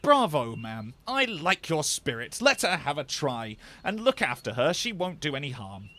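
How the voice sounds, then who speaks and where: A man voicing a kindly, polite gentleman motorist, genteel and a little fussy, in a storybook reading. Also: fairly high pitch, sing-song, normal speed. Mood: hearty.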